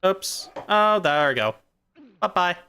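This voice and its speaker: Male streamer, loose playful musing over gameplay, a touch high-pitched, smooth clean timbre. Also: expressive, takes it slowly, pushed and bright. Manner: playful, musing, jumping between jokes and philosophy. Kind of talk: casual rambling chat while gaming.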